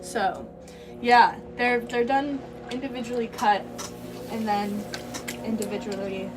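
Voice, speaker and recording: A woman's voice: a little high, steady tone, over music. A young woman rambling casually and laughing as she chats with a live-stream audience from a pottery studio. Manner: rambling, chatty, quick to laugh. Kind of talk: casual live-stream chat while working. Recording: distant mic with background noise.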